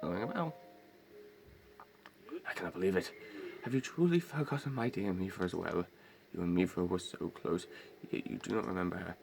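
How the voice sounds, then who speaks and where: A man voicing a huge, regal old male fish king who is warm-hearted, in formal, old-fashioned speech, as an amateur game voice-over. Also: deep voice, moderate pace, creaky, long pauses, slight background noise, voice pushed down. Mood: dismayed.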